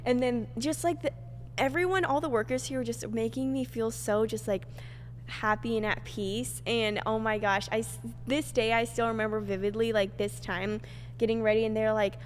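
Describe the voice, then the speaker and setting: A woman's voice: on the high side, steady tone, normal speed, slight background noise. A woman co-hosting a podcast, chatting casually with a bubbly, giggly way of telling stories. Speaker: podcast co-host. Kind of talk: casual chat. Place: wedding venue.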